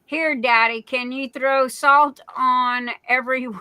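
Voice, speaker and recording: A woman's voice: high voice, fairly even intonation, slow pace, sharp tone, clear, resonant tone, dry recording. A middle-aged woman from Southern Arizona hosting a live stream, chatting casually and telling stories with laughs. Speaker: livestream host.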